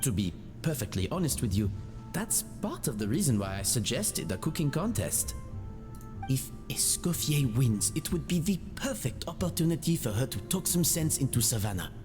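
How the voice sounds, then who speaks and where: An actor playing a courteous male hotel manager in a game, speaking in a polite, measured, formal way. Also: medium pitch, big pitch swings, lightly acted. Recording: game audio with reverb and music.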